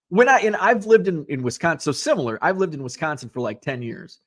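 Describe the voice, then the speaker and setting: A man's voice: fairly high pitch, big pitch swings, fast talker, hardly any pauses. A man from Illinois hosting a podcast, chatting casually and rambling with lots of fillers and asides. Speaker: podcast host. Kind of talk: casual live-show chat, reading viewer comments.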